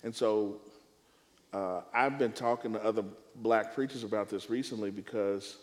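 In a panel discussion about preaching, a male preacher phrases things in a measured, emphatic, deliberate way. His pitch sits fairly low, and the audio has a big-room sound.

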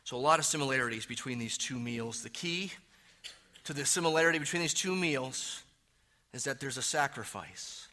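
A man preaching a sermon as pastor, stressing key words loudly and then dropping to hushed, low phrases. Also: moderate pace.

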